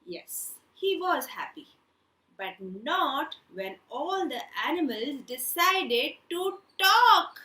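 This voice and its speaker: A woman telling a children's story and leading a craft class, in an animated, playful way, putting on animal sounds. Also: sits high, slight background noise. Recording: echoey room.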